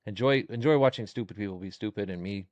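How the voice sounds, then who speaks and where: A man's voice: on the low side, fast talker, dry recording, dull audio. A man in his forties, a podcast guest talking casually and plainly, often repeating words as he gathers his thoughts. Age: 40s. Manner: plainspoken, repeats himself while thinking.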